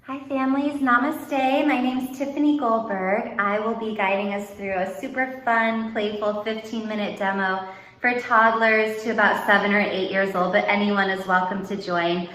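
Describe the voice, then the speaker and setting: A woman guiding a playful yoga class for young children, giving gentle, sing-song instructions. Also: medium pitch, steady tone, normal speed. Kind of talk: guided kids' yoga class. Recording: roomy echo with music behind. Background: background music.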